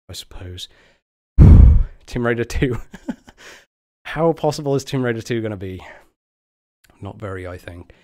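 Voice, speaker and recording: A man's voice: fairly low pitch, a little mellow. Breathless young man after a dance stream. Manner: breathless, sighing, grateful and laughing. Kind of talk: casual live-stream chat.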